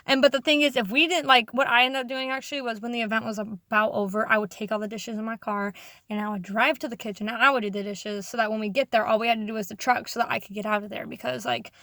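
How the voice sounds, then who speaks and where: High-voiced young woman ranting casually. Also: quick pace, no echo. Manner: rambling, heavy swearing and "like" fillers; quotes others in animated raised voices. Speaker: vlogger. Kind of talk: casual storytime rant.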